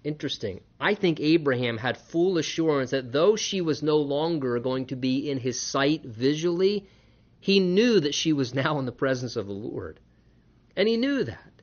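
A man's voice: on the high side, animated, normal speed. Earnest preaching man, dull lo-fi recording. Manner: earnest, swings between hushed and emphatic. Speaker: pastor. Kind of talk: sermon.

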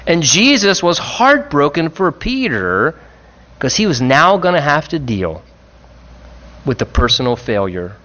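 A man preaching a sermon in an earnest, reflective way, pressing on key phrases and slowing them down. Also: on the high side, sing-song, pushed and bright, highs cut off.

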